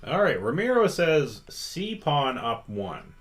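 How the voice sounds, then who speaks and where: A man teaches chess on a live stream in an interactive lesson, slowly and patiently reading out viewers' chat votes and inviting them to join in. His voice is on the high side and very animated.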